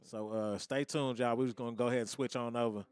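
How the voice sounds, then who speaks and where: Smooth-voiced laid-back male host. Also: medium pitch, steady tone, quick pace, darkish tone, no room sound. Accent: Southern US. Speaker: podcast host. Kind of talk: casual radio chat.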